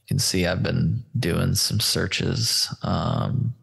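A man's voice: deep voice, steady tone, takes it slowly, creaky, fairly bright tone, breathy edge. A man hosting a casual screen-share chat, loose, stoned and a bit profane as he walks through search results. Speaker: host.

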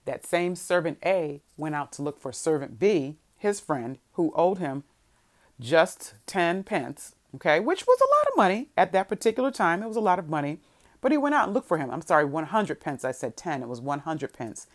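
Speaking in a low register, a woman preacher delivers a sermon to those gathered. Scripture comes first, read at a careful, unhurried pace; after that she alternates between soft, reflective passages and loud, rising, emphatic ones.

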